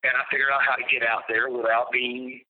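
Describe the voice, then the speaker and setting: A man's voice: mid-range voice, flat delivery, a little hiss or hum. Blunt man on a phone line. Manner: blunt and profane, with halting restarts. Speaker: interview guest. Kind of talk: recounting a personal story in an interview.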